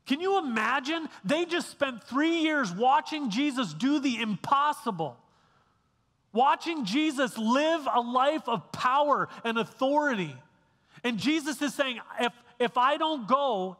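Pastor guy preaching, high bright voice, lots of "right?", big reverby church sound. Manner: conversational, frequent restarts and "right?" checks. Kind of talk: sermon. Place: church sanctuary.

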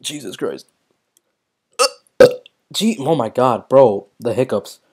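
Young male streamer, excitable casual commentary, frequent swearing, hiccups and throat-clearing. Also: mid-range voice, takes it slowly. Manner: excitable, swears often, reads chat aloud. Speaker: mobile game streamer.

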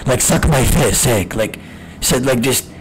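A man streaming games live, chatting casually with profane trash talk and bursts of shouting. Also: mid-range voice, measured pace, slight background noise, poor audio. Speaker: game streamer. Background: music.

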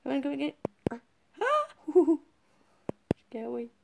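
A woman streamer giving excitable let's-play commentary, giggling, swearing freely and squealing when she wins. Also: high-pitched, brisk, gravelly, background noise. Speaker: gaming streamer.

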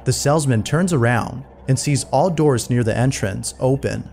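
A man reading scripted narration in an even, measured storytelling manner. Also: mid-range voice, vocal fry. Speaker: narrator of a played compilation video.

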